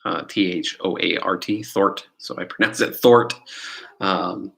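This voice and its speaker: This test prep instructor is a middle-aged man with a low, gravelly, slightly bright voice and an unhurried delivery. He rambles casually in a live-stream quiz lesson, firing questions at the people watching. His computer mic gives poor audio.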